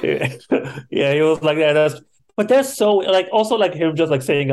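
A podcast co-host reacting in quick interjections and wry asides. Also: medium pitch, animated, darkish tone. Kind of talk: casual chat.

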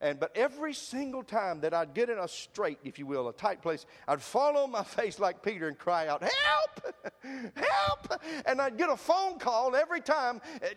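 A man's voice: high voice, big pitch swings, brisk, few pauses, big-room sound. A man preaching a folksy, fervent sermon, laughing between phrases and hollering quoted cries.

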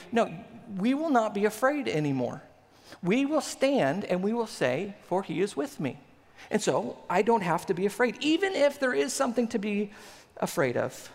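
High-voiced pastor in a reverberant hall. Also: male voice. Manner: animated, conversational preaching with laughs. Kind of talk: sermon.

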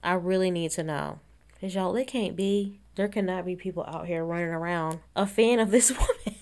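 A woman's voice: on the low side, moderate pace, a little mellow. A woman giving a casual, blunt and sarcastic recap of a TV episode, swearing and laughing often. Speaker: reality TV recap host.

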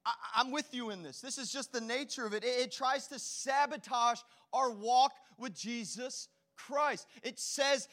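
A man preaching a sermon as pastor, telling animated stories with playful asides to his congregation. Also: extremely high pitch, moderate pace, hardly any pauses.

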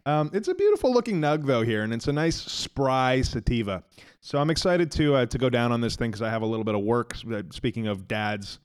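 A man's voice: mid-range voice, lively intonation, brisk, smooth. Laid-back rambling man, podcast co-host. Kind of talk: casual chat.

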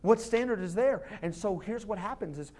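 A man's voice: high voice, lively intonation, moderate pace, darkish tone. A pastor in his thirties preaches to his church. His delivery is chatty and informal, as if talking across a table. He drops into short quoted voices to make his points. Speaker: lead pastor. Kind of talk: sermon. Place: church sanctuary.

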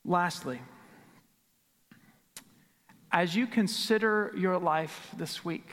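A middle-aged man preaching a sermon as pastor, earnest, repeating key phrases and dropping to a hush for emphasis. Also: fairly high pitch. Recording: long hall reverb.

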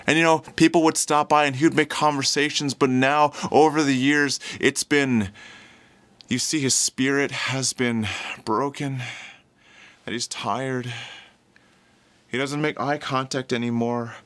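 A male preacher in the middle of a sermon, turning a scripture passage into a lively second-person story. He drops to a low, quiet voice for sad moments and climbs much higher and louder as the scene turns joyful, acting out each person's words in quotes. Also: a little slow.

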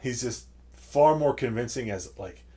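A man co-hosting a podcast, reviewing a movie in casual chat, animated and profane, laughing often. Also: medium pitch, measured pace, slightly rough. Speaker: podcast co-host.

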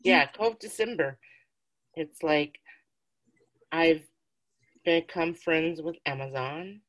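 A woman's voice: sits low, takes it slowly, a bit bright. A woman co-hosting a casual podcast, telling rambling stories with giggles and plenty of swearing. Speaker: podcast co-host. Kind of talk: casual chat.

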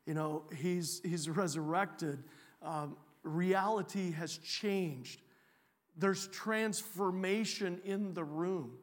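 A man giving a sermon as a guest preacher in a church, joking and animated, often restarting his sentences. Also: high voice, in a large hall. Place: church sanctuary.

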